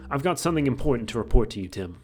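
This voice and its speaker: A man's voice: medium pitch, lively intonation, very fast, faint music behind, natural voice. A man doing a chatty little mouse detective. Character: small male electric mouse detective, chatty. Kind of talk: reading game dialogue aloud.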